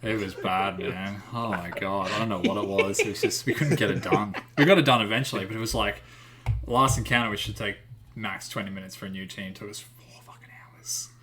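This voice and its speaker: A man's voice: on the low side, fairly quick, crowd noise. A man in casual gaming chat, laid-back and casually swearing.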